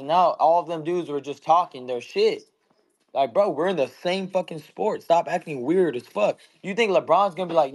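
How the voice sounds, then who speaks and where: Brash young man hosting a voice chat, slightly high voice, swearing hard and fired up. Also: moderate pace. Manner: brash, heated, swears constantly. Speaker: host of the audio chat room. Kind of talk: profane casual chat.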